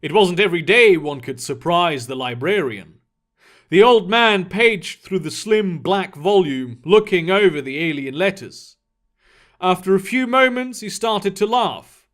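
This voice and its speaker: A man reading a fantasy story aloud, his voice pitched high and his delivery steady and descriptive. He moves scene to scene at an even storyteller's pace. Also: a little slow. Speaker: story narrator. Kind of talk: audiobook storytelling.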